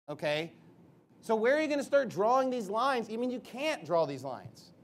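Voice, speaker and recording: Man, pastor, high voice, emphatic, defensive, rhetorical questions, loud outbursts. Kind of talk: preaching.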